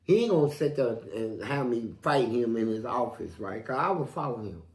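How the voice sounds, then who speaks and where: Gravelly guy telling wild prison stories, does all the voices, cusses a lot, roomy echo. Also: moderate pace. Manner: animated, acts out quotes with big jumps in pitch; profane street slang. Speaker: interview guest. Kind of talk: storytelling in an interview.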